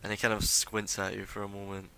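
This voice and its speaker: A man narrating a tabletop role-playing game as game master, in a relaxed, unhurried way. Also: on the low side, a little hiss or hum, low-quality recording. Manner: relaxed, unhurried storytelling with fillers.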